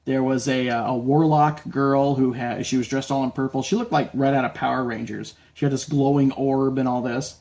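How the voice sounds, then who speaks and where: A man hosts his podcast in a relaxed, chatty way. He tells stories and acts out the people in them with lively, raised voices. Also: mid-range voice, normal speed, hardly any pauses. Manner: animated, acts out quotes in shouts. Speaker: podcast host. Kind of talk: casual storytelling chat.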